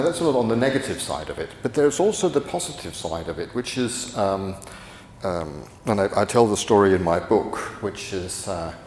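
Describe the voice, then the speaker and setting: A man's voice: lowish voice, a little mellow, a little hiss or hum. A middle-aged man giving a rambling conference lecture, full of restarts and fillers. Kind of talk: conference talk. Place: conference hall. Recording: echoey hall from afar.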